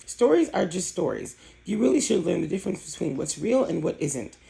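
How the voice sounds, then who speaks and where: A storybook reader doing a sensible rabbit, soft and low, reassuring. The tone is gravelly. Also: very animated, moderate pace, poor audio. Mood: gentle. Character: calm fussy rabbit, gentle and sensible.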